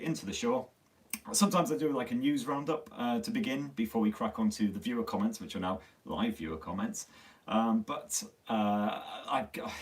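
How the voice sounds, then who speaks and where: Low-voiced Sunderland man, a bit far from the mic. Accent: Northern English (Sunderland). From Sunderland, North East England. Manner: chatty, swears freely, self-mocking. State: slightly losing his voice. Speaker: tech channel host. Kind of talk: casual live-stream chat. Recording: distant mic on a phone stream.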